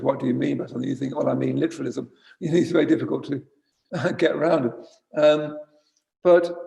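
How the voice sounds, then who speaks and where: In a retreat centre shrine room, a Buddhist teacher gives an informal dharma talk in a slightly high, creaky, darkish voice. He sounds conversational and wry, and he often corrects himself partway through a sentence.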